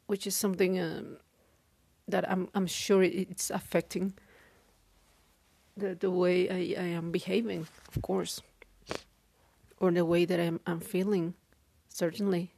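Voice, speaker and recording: Woman, low and gravelly, slow and hesitant diary talk, tired and downcast. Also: level tone, mellow, no echo. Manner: halting, hesitant, many restarts; weary, downcast. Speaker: podcaster. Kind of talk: personal diary monologue.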